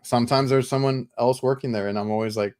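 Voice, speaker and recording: A man co-hosting a casual podcast, chatting in a halting way and repeating his words. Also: medium pitch, steady tone, darkish tone. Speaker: podcast co-host, HVAC technician. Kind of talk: casual chat.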